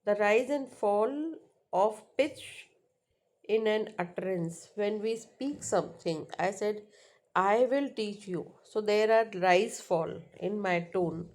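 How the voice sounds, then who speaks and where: A woman's voice: medium pitch, takes it slowly, darkish tone. A woman teacher explaining a lesson, repeating key points and checking in with "right?". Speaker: English teacher.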